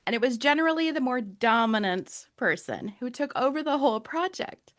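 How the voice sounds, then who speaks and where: A woman from Canada giving a motivational talk as a guest speaker, gentle and soothing. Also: sits high, animated, normal speed.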